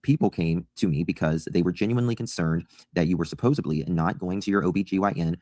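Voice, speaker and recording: A man calmly and insistently reading out an email he sent, correcting claims about himself. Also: low-pitched, quick pace, no echo, clean studio sound.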